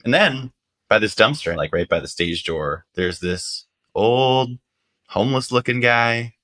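A man's voice: medium pitch, a little slow. A man, a journalist guest, telling a story casually and animatedly, with lots of "like". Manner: animated, acts out quotes, lots of "like".

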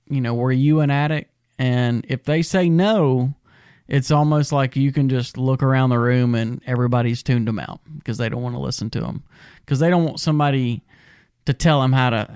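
A podcast co-host in recovery talks casually and earnestly about recovery in a smooth, resonant, medium-pitched voice with a darkish tone. He reflects thoughtfully but occasionally stumbles and restarts, recorded close and dry with no room echo.

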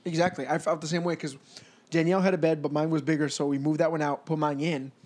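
A young adult man hosting a casual podcast, telling an animated story and laughing often. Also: on the high side, quick pace. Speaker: podcast host.

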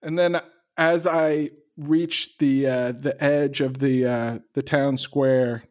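A man's voice: medium pitch, fairly even intonation, slow, a little mellow. A man playing a fighter in a tabletop game, upbeat and joking. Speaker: player.

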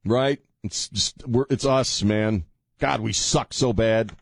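A man's voice: lowish voice, takes it slowly, vocal fry, no room sound. A man hosting a talk radio show, ranting with heavy sarcasm into a studio microphone.

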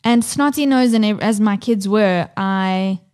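A woman's voice: mid-range voice, a little slow, a little mellow, clear, resonant tone. A woman in her thirties co-hosting a podcast, talking candidly and swearing freely about family life. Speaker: podcast co-host. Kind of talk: casual chat.

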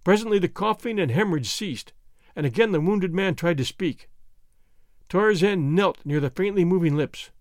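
Expressive male narrator, high and lively. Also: normal speed, no echo, studio quality. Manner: dramatic, expressive storytelling. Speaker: audiobook narrator. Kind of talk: scripted narration.

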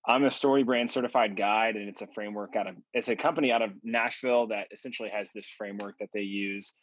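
A male podcast guest giving storytelling interview answers, animated and acting out the voices of people he quotes. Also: on the low side, fast, no room sound, muffled recording. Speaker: podcast guest, marketing consultant.

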